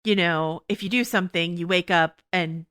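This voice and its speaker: A woman hosts a podcast in a loose, chatty way, talking fast and dropping "you know" everywhere. Her voice sits a little low but sounds bright and crisp. It is very clear. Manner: quick, chatty, full of "you know" and laughs. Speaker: podcast host. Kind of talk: casual TV discussion chat.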